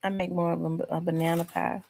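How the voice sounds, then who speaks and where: A woman's voice: lowish voice, flat delivery, brisk, creaky, a little mellow, a little hiss or hum. A woman hosting a casual live chat from home, rambling and talking to her viewers. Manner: chatty, rambling, addresses viewers as y'all. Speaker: host.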